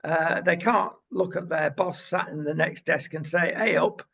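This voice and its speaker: A man's voice: on the high side, steady tone, measured pace, vocal fry, pushed and bright. A man co-hosting a casual current-affairs chat, opinionated and rambling with lots of uhs. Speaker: co-host. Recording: dull lo-fi sound.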